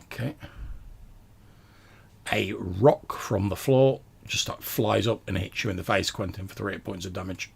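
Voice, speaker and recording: A man's voice: fairly low pitch, moderate pace, creaky, slightly rough. A man narrating as game master of a tabletop game over a call, describing scenes at length with lots of fillers.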